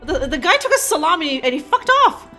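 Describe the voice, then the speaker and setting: A woman streaming a game, talking casually to her viewers as she plays. Her slightly high voice rambles, swears and restarts, with faint music in the background. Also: very animated, a little fast, bright, forceful tone. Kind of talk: casual live-stream commentary.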